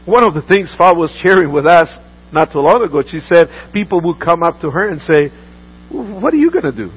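A man's voice: a little high, brisk, slightly rough, lo-fi sound. A man preaching a sermon as a pastor, earnest, often repeating words and restarting his sentences.

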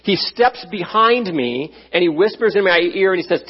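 A man's voice: high-pitched, lively intonation, moderate pace, breathy edge. A middle-aged man preaching a sermon, telling a personal story in a conversational way with frequent "right?" asides. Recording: dull, muffled sound.

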